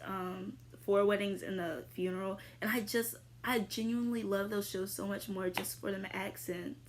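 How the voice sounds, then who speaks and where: A young woman chats casually to her viewers in a relaxed, unhurried way, her pitch sitting in an ordinary middle range. She leans on fillers as she rambles through her answers, now and then jumping into a sudden excited squeal. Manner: chatty, filler-heavy, with sudden high squeals. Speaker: vlogger answering viewer questions. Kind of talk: casual chat.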